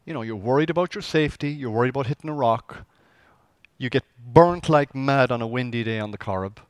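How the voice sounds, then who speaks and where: A man's voice: medium pitch, fairly quick, clear, resonant tone, no echo. A man preaching a conversational sermon as pastor, asking the congregation rhetorical questions.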